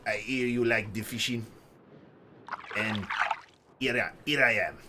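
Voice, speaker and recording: A man's voice: on the low side, measured pace, very noisy, close to an everyday voice. A man voicing a polite male rainbow trout that formally announces it has come to be eaten. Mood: grandly polite. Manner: formal, grandly announcing itself.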